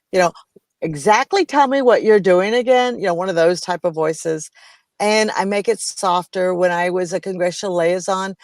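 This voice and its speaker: A middle-aged American woman co-hosting a casual business chat, telling stories in an animated way, slipping into playful voices and laughing. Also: medium pitch, no echo. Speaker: co-host of a business talk show.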